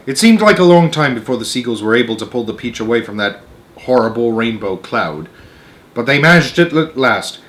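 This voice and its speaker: A man reading a children's book aloud as storyteller, expressive with varied pacing. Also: medium pitch.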